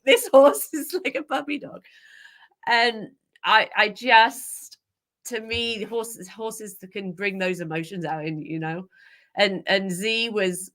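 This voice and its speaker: A woman's voice: on the low side, sharp tone. A woman from England, a professional horse groom, talking emotionally in a rambling way with many restarts, on a video call. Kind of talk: casual video-call interview.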